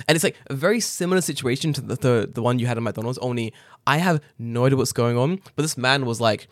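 A man from England chatting casually, telling animated stories full of swearing. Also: mid-range voice, fairly quick, no echo, clean studio sound. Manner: swearing, animated storytelling with laughs. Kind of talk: casual chat. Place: living in Japan.

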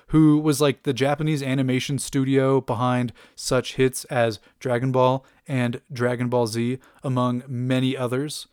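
A man's voice: medium pitch, a little mellow, no room sound. Male host, casual chat, rambling and upbeat, dry close recording. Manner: enthusiastic, rambling, many fillers and laughs. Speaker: podcast host reviewing a cartoon.

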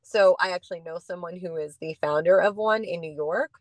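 A woman's voice: fairly low pitch, a little fast, no echo. A woman speaking as a podcast guest from her car, chatting casually and filling her sentences with "like". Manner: chatty, heavy use of "like". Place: in a car, driving.

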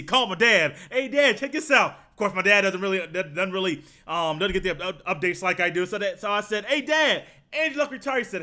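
Male sports podcast host, high and bright, lively storyteller who acts out his reactions. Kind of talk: solo sports podcast monologue.

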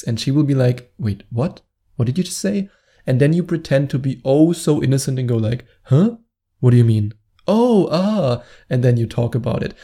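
A man's voice: medium pitch, creaky, mellow. A man giving dating advice straight to camera, stressing points by repeating words over and over. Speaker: dating coach. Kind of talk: direct-to-camera advice vlog.

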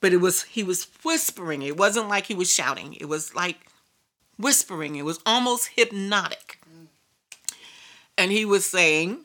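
Bright-voiced woman preaching. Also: fairly low pitch, animated, a little slow. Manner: emphatic, repetitive storytelling. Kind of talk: sermon testimony.

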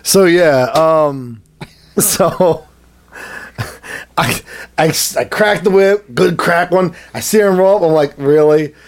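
A man telling a story in casual chat, animated and laughing often as he acts out what people said. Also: fairly high pitch, takes it slowly, long pauses. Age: adult, has a son. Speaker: podcast co-host telling a story.

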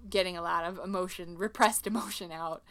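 Podcast co-host, woman, bright and crisp, chatty scene-by-scene film recap. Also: lowish voice, steady tone, brisk. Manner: chatty, retells scenes with quoted voices. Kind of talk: casual movie recap chat.

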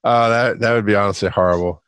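Low-voiced man hosting a casual podcast. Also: fairly even intonation, quick pace, a bit bright, clear, resonant tone, no room sound. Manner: laid-back, brings in topics, swears. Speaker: podcast host. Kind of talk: casual chat.

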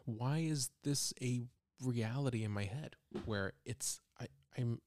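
A man co-hosting a podcast chats casually, rambling and often restarting as he tells stories. His voice is medium-pitched, unhurried, and a little mellow, in a dry recording.

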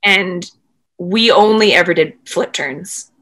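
A woman being interviewed, telling a long story in casual, animated talk full of "like" fillers. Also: lowish voice, takes it slowly. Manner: animated, rambling, frequent "like" fillers. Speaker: interview guest, former swimmer.

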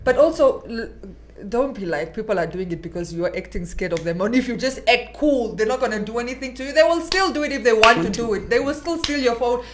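Woman with a Namibian accent, earnest debater in casual talk, somewhat high voice. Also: lively intonation, fast talker, slight background noise. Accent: Namibian English. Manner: earnest, argues her point. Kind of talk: casual podcast chat.

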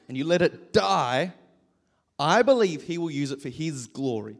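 A man's voice: a little high, lively intonation, normal speed. A man, a pastor preaching a sermon and telling a self-deprecating story, laughing often.

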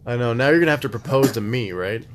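A laid-back man hosts a casual podcast chat. He rambles and laughs often, and his voice sits at an ordinary middle pitch. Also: expressive, quick pace. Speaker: podcast host.

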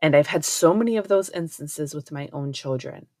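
Woman, low voice, dry close sound, earnest storytelling, conversational, reflective. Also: animated, moderate pace, darkish tone, no room sound. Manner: conversational, repeats "right?" and "I said". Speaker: podcast host, homeschooling parent. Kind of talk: personal storytelling monologue.

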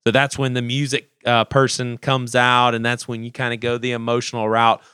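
A man co-hosting a podcast, telling a story in a casual, animated way and often restarting his phrases. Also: medium pitch, a little fast, clean tone, no room sound, clean studio sound. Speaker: podcast co-host.

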